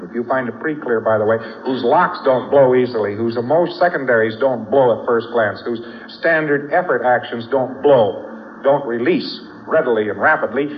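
A man's voice: medium pitch, dull audio, a little hiss or hum. A man giving a spoken lecture, telling folksy stories with frequent asides.

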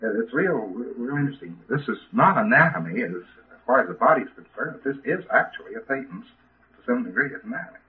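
A man lecturing to a class of trainees, folksy and emphatic, at a middling pitch and often restarting his sentences. He comes through an old, tinny recording with a narrow phone-like sound. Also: very animated, fast talker.

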